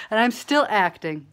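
A woman speaking quietly and calmly in a casual video message to camera. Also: mid-range voice. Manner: quiet, soft-spoken, calm. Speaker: digital creator.

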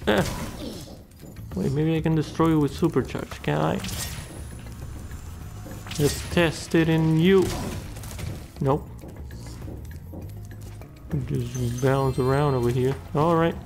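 A man's voice: fairly high pitch, fairly even intonation, takes it slowly, gravelly, pauses often, background noise. A man giving casual gameplay commentary, muttering, swearing and talking back to the characters on screen. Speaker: let's play gamer.

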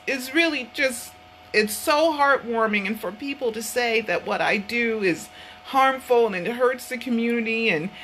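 A woman's voice: fairly high pitch, bright, forceful tone, a little hiss or hum, poor audio. A woman hosting her own online show, talking casually from her home office in an earnest, rambling way, often repeating herself. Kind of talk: casual vlog talk.

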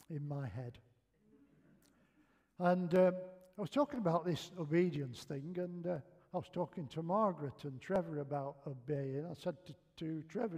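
A man's voice: on the high side, mellow. An older man with a Northern English accent, preaching in a chatty, self-mocking way and acting out the lines of his own stories. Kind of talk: humorous sermon storytelling. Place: church hall.

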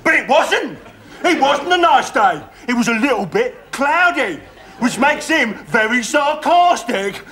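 An actor playing a loud, blustering escaped madman in a sitcom who keeps tagging "right?" onto his threats. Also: very high-pitched, sing-song, unhurried, full character voice. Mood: rambling. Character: violent escaped criminal madman, male, menacing and absurd. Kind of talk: sitcom acting. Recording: TV sitcom with audience laughter.

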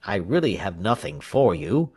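A man's voice: lowish voice, very animated, darkish tone, slightly rough, pitched below the performer's own voice, exaggerated voice. A man voicing a dignified, polite archer and father. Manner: polite, measured.

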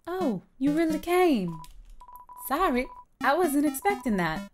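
A sad, timid ghost from a video game, as a woman puts it on, murmuring apologetic lines in a low, hushed voice that trails off. It is slow and heavy, and faint game music plays underneath. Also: big pitch swings. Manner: quiet, hesitant, apologetic mumble. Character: sad shy timid ghost, soft-spoken.

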